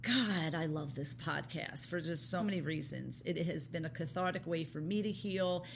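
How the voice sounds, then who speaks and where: Podcast cohost lady, kinda low voice, gushing and chatty, bit of background hiss. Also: normal speed, creaky. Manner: effusive, gives shout-outs. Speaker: podcast co-host. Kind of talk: casual chat.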